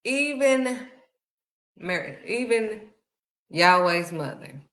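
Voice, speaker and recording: A woman's voice: medium pitch, animated, slow pace, fairly bright tone. A woman, preaching a sermon in a heartfelt, conversational way. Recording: echoey room.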